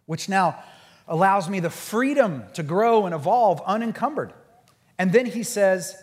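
A man preaching a sermon and leading a group discussion, acting out quoted voices in an animated way. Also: sits high, brisk, in a large hall. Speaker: pastor.

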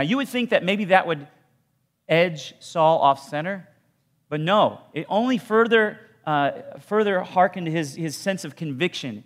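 A man giving a sermon, telling a story in a conversational way with casual asides and dropping low for emphasis. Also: fairly bright tone. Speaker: pastor. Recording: long hall reverb.

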